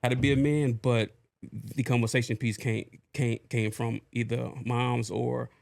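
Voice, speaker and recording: Reflective male co-host, slow and flat delivery with gravel, dry close sound. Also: mid-range voice, no echo. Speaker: podcast co-host. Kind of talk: casual chat.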